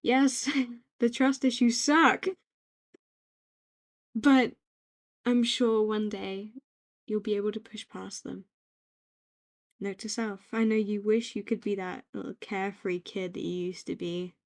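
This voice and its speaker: A young British woman gently rambling in a soft-spoken ASMR-style note to herself, reflective and quietly affirming, recorded on a home microphone. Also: medium pitch, little pitch movement, takes it slowly, long pauses. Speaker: ASMR creator.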